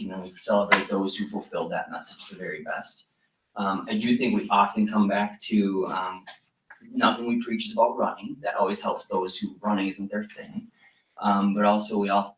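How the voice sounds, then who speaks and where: A man coaching cross country speaks earnestly and a bit loosely to a school board. His voice sits low. He is picked up from a distance, so the room echoes around him. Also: a bit bright. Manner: earnest, rambling with fillers. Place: meeting room.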